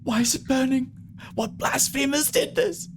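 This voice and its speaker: A man's voice: extremely high pitch, animated, normal speed, slight background noise, voice pushed up. A man voicing a monstrous, transformed young woman who pleads frantically and stammers. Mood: desperate.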